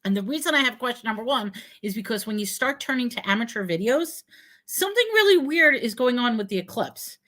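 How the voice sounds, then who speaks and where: A woman with a high voice hosts a relaxed live online chat. She talks in an animated way and keeps posing questions. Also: a little fast. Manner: animated, questioning, puts on a cutesy sing-song for props. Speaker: host. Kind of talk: casual live-stream chat.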